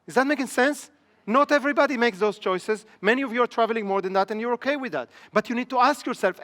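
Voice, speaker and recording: A man's voice: high voice, fairly bright tone. A middle-aged man, a business trainer, giving a live seminar lecture in a training room and checking in with his audience through repeated rhetorical questions. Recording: long reverb in a large training hall.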